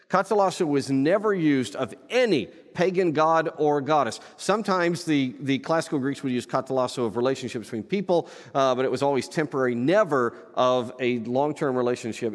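A pastor preaching a sermon from the pulpit, animated and playful, with asides to the congregation. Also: male voice, medium pitch, in a large hall. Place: church sanctuary.

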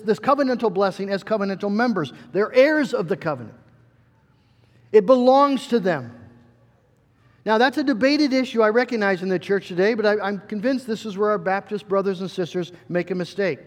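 High-voiced man preaching in a hall. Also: normal speed. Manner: earnest, emphatic preaching with repeated words. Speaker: pastor. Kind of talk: sermon.

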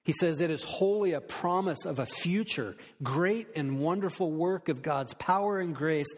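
Earnest male preacher in a reverberant hall. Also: on the high side. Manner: earnest preaching with slow emphatic stresses. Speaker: pastor. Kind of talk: sermon. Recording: long reverb of a church hall.

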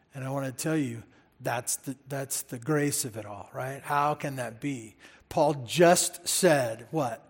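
A man preaching a sermon as pastor, emphatic and animated, repeating words for stress and speaking straight to the congregation. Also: mid-range voice. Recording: hall reverb.

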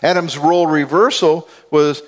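A man's voice: on the high side, moderate pace. A middle-aged man preaching a sermon, telling stories with acted-out quotes and chuckles. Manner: animated storytelling with acted-out quotes and laughs. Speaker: pastor.

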